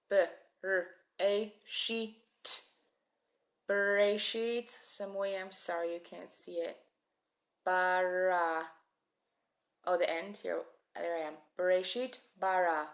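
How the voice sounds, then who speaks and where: A woman's voice: on the low side, steady tone, moderate pace. A woman teaching a live-streamed Hebrew reading class, chatty and encouraging as she calls out viewers by name. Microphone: phone mic.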